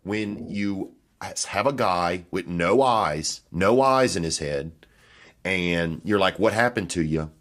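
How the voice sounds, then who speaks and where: A man's voice: sits low, expressive, slow, a bit bright. A man hosting his podcast, telling loose, profane, offhand stories in a rambling comic monologue from a hotel room. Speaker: podcast host and comedian.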